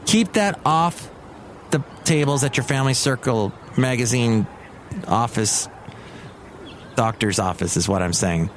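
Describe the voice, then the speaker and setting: A man hosting his own solo podcast, rambling in a casual, excitable, grumpy joking manner. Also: medium pitch, measured pace, pauses often, a little hiss or hum. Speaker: podcast host.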